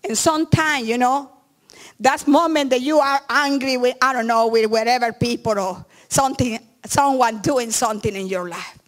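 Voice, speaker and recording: A middle-aged woman pastor, not a native English speaker, preaching a sermon in earnest, halting English with frequent restarts. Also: fairly high pitch.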